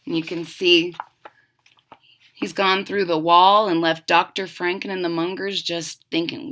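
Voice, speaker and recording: A young woman reading a children's picture book aloud expressively, pausing to explain the pictures. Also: lowish voice, background noise. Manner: expressive storytelling with explanatory asides. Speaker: storybook reader.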